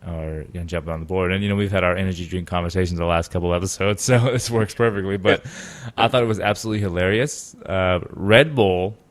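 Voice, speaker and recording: A man's voice: deep voice, fast talker, few pauses. A man hosting a casual gaming podcast, rambling with many fillers and restarts. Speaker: podcast host.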